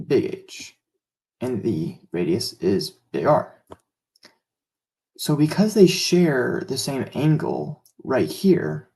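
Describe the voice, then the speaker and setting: A man's voice: mid-range voice, warm tone, rough recording. A man tutoring math, walking through a calculus problem step by step in a casual way with occasional fillers.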